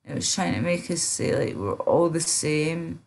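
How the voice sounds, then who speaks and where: Woman, livestream chat, drowsy and slurred, slow rambling talk, lowish voice. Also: lively intonation, vocal fry, a little mellow. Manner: rambling, many fillers and trailing off.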